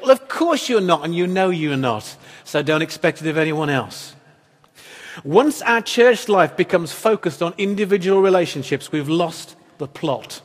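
A man's voice: high-pitched, animated, a little slow, slightly rough. A man preaching a sermon as pastor, in a conversational, wry style full of rhetorical questions. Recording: echoey hall reverb.

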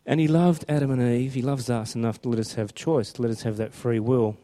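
A man's voice: medium pitch, fairly even intonation, brisk, warm tone. A man preaching a sermon in a chatty, storytelling way, reading scripture aloud with animation.

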